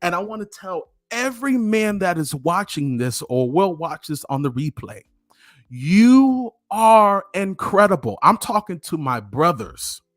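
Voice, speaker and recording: A man's voice: fairly high pitch, sing-song, normal speed, few pauses, a bit bright, no room sound, studio quality. A middle-aged man giving an earnest motivational talk to camera, repeating phrases for emphasis, with faint music behind him. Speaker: motivational speaker.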